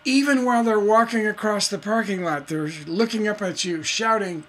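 A man teaching songwriting in a casual, animated way, acting out scenes as he talks. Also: sits high, moderate pace. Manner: animated storytelling, acts out voices. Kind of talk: casual instructional talk.

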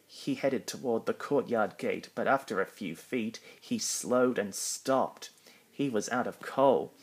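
A man reading a children's storybook aloud in a plain, even narration. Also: fairly low pitch, measured pace, breathy edge.

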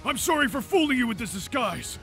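A man's voice: extremely high pitch, big pitch swings, a little fast, creaky, a bit bright, soft background music, heavily acted. A man playing an earnest male game hero who pleads his case. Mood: pleading.

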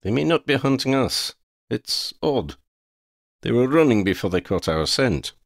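A man voicing a sardonic, grumbling male talking cat in an audiobook, raising his pitch a little. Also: sing-song, unhurried, gravelly, dry recording. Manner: dry, grumbling retorts.

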